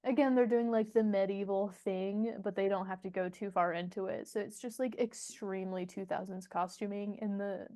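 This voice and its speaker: A woman's voice: medium pitch, steady tone, normal speed, few pauses, dark tone. A woman co-hosting a casual podcast chat, giggling often and musing thoughtfully with frequent fillers. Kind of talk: casual chat about a film.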